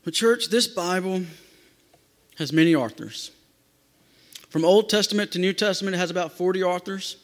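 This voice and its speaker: A male pastor with a notably high voice delivers an emphatic sermon, repeating phrases to drive them home. The sound rings with a long reverb, as in a church sanctuary. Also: normal speed, pauses often.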